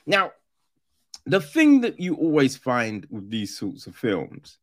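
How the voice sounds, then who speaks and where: A man giving a casual, profane film review, animated and often mimicking characters. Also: medium pitch, slow pace.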